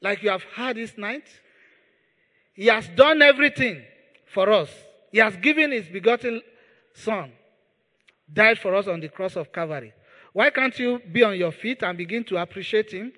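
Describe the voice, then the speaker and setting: High-voiced, bright pastor preaching in a hall. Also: male voice, animated, normal speed, long pauses. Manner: emphatic, repeats key words, leads the congregation in prayer. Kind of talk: sermon.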